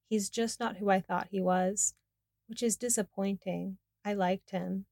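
A woman's voice: medium pitch, steady tone, a little slow, vocal fry, darkish tone, dry recording, studio quality. A woman reading the lines of a nonchalant adult female friend in her own voice. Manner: nonchalant, matter-of-fact.

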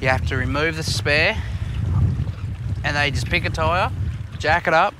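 A man's voice: a little high, unhurried, background noise. An Australian man co-hosting a podcast, telling rambling, profane stories in casual chat. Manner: swears a lot, tells rambling stories. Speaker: podcast co-host.

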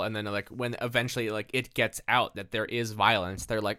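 A man's voice: lowish voice, level tone, fairly quick, hardly any pauses, sharp tone, clean tone, no room sound, studio quality. A man co-hosting a podcast in casual chat, rambling and laughing often, with lots of fillers. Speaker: podcast co-host.

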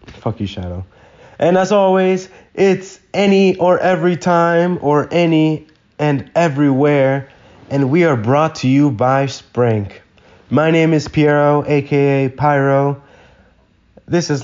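A man's voice: medium pitch, a little mellow, dull audio. A young man hosting a podcast alone, telling a story in a rambling, casual way and swearing freely. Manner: rambling, swears freely, loose slangy talk. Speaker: podcast host.

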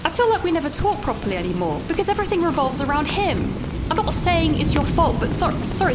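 A woman's voice: high-pitched, big pitch swings, brisk, loud music behind the voice. A young woman leaving a flustered, self-pitying voice note outdoors in the rain. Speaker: student missionary leaving a voice note. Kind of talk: comedic voice-note monologue. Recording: loud rain noise outdoors. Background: heavy rain and thunder.

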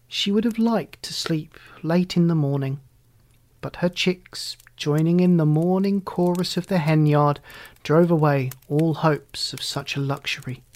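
Slow, unhurried children's storyteller. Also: medium pitch. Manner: gentle, unhurried storybook reading. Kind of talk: reading a children's story aloud.

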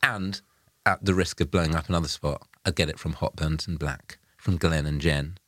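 A man, a podcast guest, talking in a dry, deadpan, rambling way with restarts. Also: a bass voice, moderate pace. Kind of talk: casual chat.

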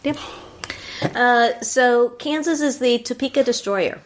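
A woman with a slightly high voice co-hosts a casual comedy podcast. She laughs easily and lays out the jokes in a plain, matter-of-fact way. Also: takes it slowly. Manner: laughs often, explains things plainly. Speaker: podcast co-host.

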